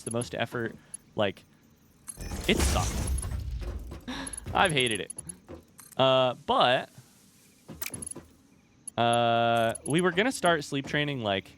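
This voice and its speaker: A man's voice: mid-range voice, noisy background. A young man chatting casually with his viewers while he plays a game, telling a long rambling story. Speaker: streamer. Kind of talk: casual chat while gaming.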